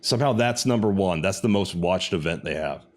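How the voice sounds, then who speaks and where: Low-voiced man ranting on a podcast. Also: a little fast. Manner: ranting, profane, animated. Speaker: podcast co-host. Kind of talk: casual chat.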